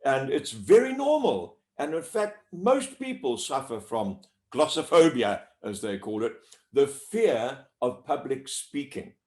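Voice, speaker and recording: A male voice coach answers interview questions, carefully demonstrating vowel sounds. His pitch swings widely as he makes his points. The recording carries a noticeable room echo. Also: very animated, darkish tone. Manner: clear, deliberate teacher's delivery, stretching out sounds to demonstrate. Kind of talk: interview answers, explaining pronunciation. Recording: echoey room.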